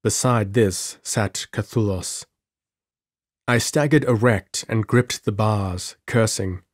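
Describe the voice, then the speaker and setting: A man narrating an audiobook in a measured, dramatic storytelling manner. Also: on the low side, no room sound, clean studio sound.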